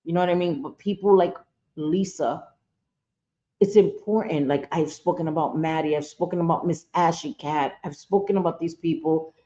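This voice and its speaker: A woman streams live, talking straight at her chat in a blunt, heated, profane way. Her voice sits low and mellow. The audio is dull and lo-fi. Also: fairly even intonation, moderate pace. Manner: talks straight to viewers and chat. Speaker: YouTube live streamer and commentator.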